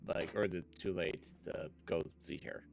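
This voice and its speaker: A man's voice: low voice, steady tone, normal speed, creaky, low-quality recording. A man playing his character in a tabletop game, talking earnestly and steadily with many restarts. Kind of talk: in-character role-play.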